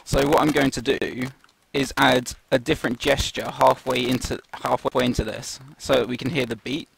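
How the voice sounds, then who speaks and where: A man's voice: mid-range voice, steady tone, normal speed, creaky, a little hiss or hum. A man casually talking through an animation shot as a tutor, restarting sentences as he explains. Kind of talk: live tutorial walkthrough.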